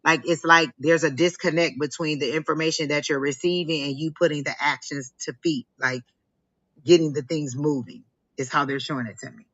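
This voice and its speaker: Bright-toned woman giving a rambling psychic reading. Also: sits low, fairly even intonation, brisk, breathy edge, muffled recording. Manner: rambling, heavy use of "like". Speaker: psychic reader and co-host. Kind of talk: live-stream psychic reading.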